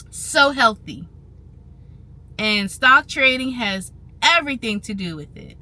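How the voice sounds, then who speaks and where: A woman vlogging casually to her viewers, animated and chatty, repeating phrases for emphasis. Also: a little high, a little slow, long pauses. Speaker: vlogger on trading and finance. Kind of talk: casual talk to camera.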